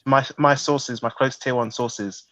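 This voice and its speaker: An excitable man in a casual stream chat, repeating himself to get heard. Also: medium pitch, unhurried, dry recording, highs cut off.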